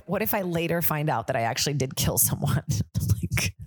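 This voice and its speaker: A woman comedian chatting casually on her podcast, her voice sitting a little low for a woman. She rambles in loose, profane tangents and breaks into laughter often. The sound is dry and close, with no room around it. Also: expressive, fairly quick, no room sound. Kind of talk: casual chat.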